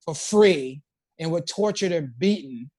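High pitched guy rambling in casual chat, lots of you know what im saying. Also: expressive, a little slow, darkish tone. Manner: laughs often.

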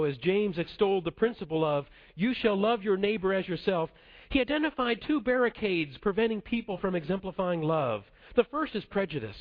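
A man preaching a sermon in a measured, earnest way to a congregation. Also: high-pitched. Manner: measured, earnest delivery dropping soft at the close. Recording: dull lo-fi sound.

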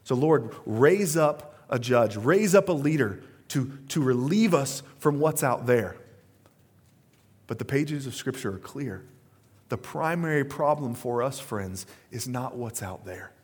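A man in his thirties, a pastor preaching a sermon, telling stories in a relaxed conversational way with plenty of fillers and asides. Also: mid-range voice, unhurried, slightly rough.

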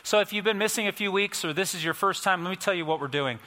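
A pastor preaches in a conversational, folksy way, his voice bright and a little high. A long reverb hangs after his words in a large church room. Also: fast. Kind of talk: sermon.

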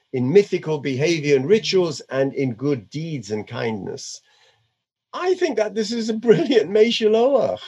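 A man teaching a religious class in a lively, conversational way, dropping Hebrew phrases into his English. His voice sits a little high and rises and falls a great deal. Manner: animated and conversational, weaving Hebrew terms into English. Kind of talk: Torah lecture.

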